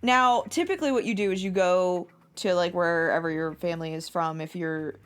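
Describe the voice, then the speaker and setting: A woman's voice: lowish voice, moderate pace, clear, resonant tone. A young woman co-hosting a podcast, telling a long, profane, laugh-filled story in casual chat. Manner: animated, profane, laughs often while telling stories. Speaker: podcast co-host.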